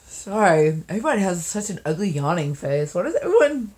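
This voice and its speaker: A woman's voice: lowish voice, very animated, a little fast. Tired, rambling young woman vlogger. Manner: rambling, giggly, trailing off into soft mumbles. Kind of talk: casual rambling vlog.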